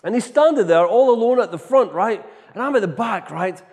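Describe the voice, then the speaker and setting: A middle-aged man preaching a storytelling sermon, animated, tagging his sentences with "right?". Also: sits high, a little fast. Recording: long reverb of a large hall.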